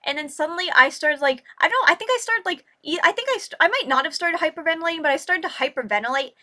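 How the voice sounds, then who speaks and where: High, bright-voiced young woman rambling. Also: animated. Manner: rambling, halting, full of "like" and restarts. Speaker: vlogger. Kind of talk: casual personal storytelling.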